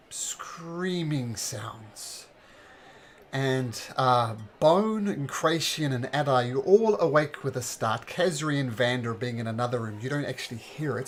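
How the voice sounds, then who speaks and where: A man narrating a tabletop game as game master, halting with fillers and restarts. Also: medium pitch.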